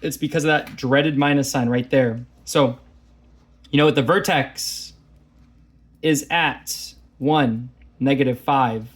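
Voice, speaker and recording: Medium in pitch with a breathy edge, a man takes his time explaining graphing problems in a casual math lesson. He keeps things chatty and self-deprecating.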